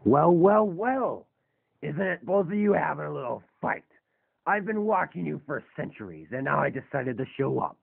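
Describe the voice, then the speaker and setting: A man's voice: fairly high pitch, lively intonation, normal speed, creaky, slightly rough, exaggerated voice. A man voicing a scheming, boastful male robot villain in a fan robot drama, speaking in a gloating, menacing way. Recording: tinny lo-fi phone-like recording.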